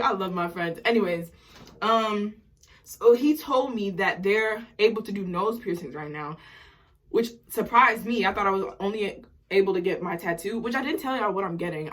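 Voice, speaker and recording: A young woman of nineteen talks fast and rambles, jittery from coffee. Her voice is bright with a husky edge. She records casually on a phone while getting ready at home. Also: medium pitch. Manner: excited, rambling, fast-talking. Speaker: vlogger. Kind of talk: casual vlog chat.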